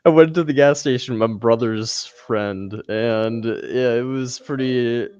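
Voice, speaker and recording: A young man in casual chat, telling animated stories, laughing often and swearing freely. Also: mid-range voice, takes it slowly, clean tone, dry recording. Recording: dull dry recording.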